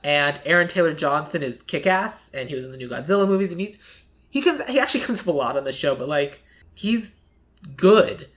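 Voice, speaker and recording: A podcast host in casual chat, talking loosely with lots of "like" and quick acted-out quotes. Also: medium pitch, lively intonation, a bit bright. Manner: chatty, fills speech with "like", acts out quick quotes.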